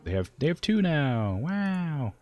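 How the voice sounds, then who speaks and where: A man's voice: on the high side, very animated, slow pace, a little mellow. A man streaming a zoo game, rambling in casual commentary, talking to the animals and filling gaps with "like". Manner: rambling, talks to the animals, many "like" fillers; tired, yawning.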